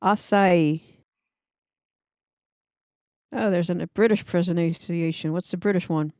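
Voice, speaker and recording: A woman's voice: fairly low pitch, brisk, warm tone, dry recording, dull audio. A young woman hosting a casual livestream, reading out chat and rambling cheerfully with frequent laughs. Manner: chatty, rambling, laughs often.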